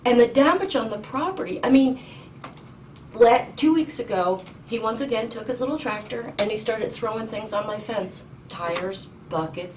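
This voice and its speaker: A middle-aged woman testifying in a courtroom, urgent and indignant, halting with ums and restarts. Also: medium pitch. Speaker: petitioner in court. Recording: distant mic with faint noise.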